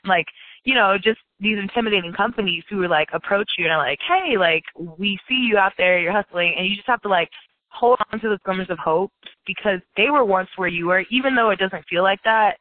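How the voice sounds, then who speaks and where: A woman's voice: mid-range voice, brisk, dry recording. Woman, founder guest, rambling casual talker; tinny, dry phone-line sound. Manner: chatty, many "like"s and "you know"s, laughs often. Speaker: company founder and CEO, guest. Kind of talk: casual interview chat.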